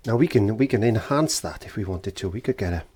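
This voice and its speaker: A man leads a painting tutorial in a deep, husky voice. He is gentle and encouraging, and now and then slips into soft whispered asides, speaking from an indoor studio. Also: lively intonation, a little fast. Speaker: art teacher.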